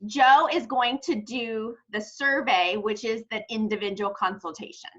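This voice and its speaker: A woman's voice: a little high, fairly even intonation, measured pace, a bit bright, muffled recording. A woman giving sales training in a chatty way, telling of her own practice. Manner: chatty, self-correcting, tells stories of her own practice. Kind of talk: training talk to a sales team.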